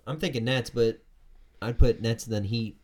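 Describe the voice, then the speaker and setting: A man's voice: medium pitch, normal speed, darkish tone. Wisecracking podcast co-host man. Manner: short joking interjections. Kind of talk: casual sports chat.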